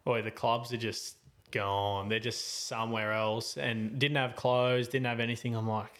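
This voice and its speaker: A man's voice: mid-range voice, little pitch movement, measured pace, fairly bright tone. Young guy in his twenties, podcast host, slangy rambling storyteller, voice jumping up and down. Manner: slangy, rambling with many fillers and restarts. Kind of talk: casual storytelling chat.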